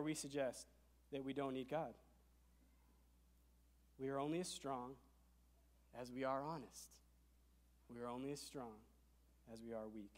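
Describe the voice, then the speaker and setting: A man preaching a sermon as pastor, emphatic, swinging from hushed to loud, in a church sanctuary. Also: medium pitch. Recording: long hall reverb.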